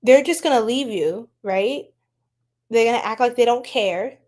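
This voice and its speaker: A woman's voice: on the high side, a little slow, a little mellow. Chatty, laughing woman reading tarot. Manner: chatty, laughs often, talks to chat. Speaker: tarot reader, livestream host. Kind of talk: casual livestream tarot reading.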